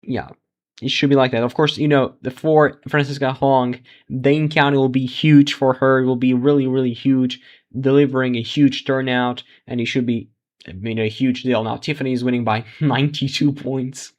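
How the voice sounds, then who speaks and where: A man's voice: mid-range voice, steady tone, normal speed, darkish tone. Man live-streaming election results. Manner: thinks aloud, restarts sentences, laughs at surprises. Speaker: election livestream host.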